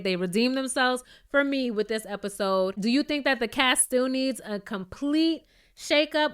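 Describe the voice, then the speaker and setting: A young woman tears through a reality TV recap in a casual, opinionated rant. Her voice sits a little high and sounds smooth and clear, and she leans on pointed rhetorical questions. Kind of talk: casual ranting show recap.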